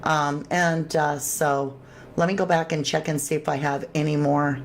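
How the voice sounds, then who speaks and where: A woman with a low voice and level tone speaks at normal speed while hosting a true crime livestream. In casual commentary, she reads chat aloud and reacts with sudden exclamations.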